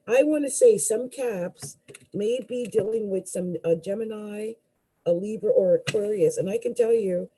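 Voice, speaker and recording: A woman's voice: mid-range voice, a little mellow, a little hiss or hum, low-quality recording. A woman astrologer giving a live tarot reading, musing aloud with hesitant fillers and restarts and exclaiming in surprise as cards fall out.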